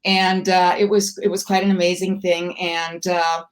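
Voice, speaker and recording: A woman's voice: on the low side, flat delivery, moderate pace. An older woman from Milwaukee, a comedy writer, telling wry, self-deprecating anecdotes in a casual interview. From Milwaukee, USA.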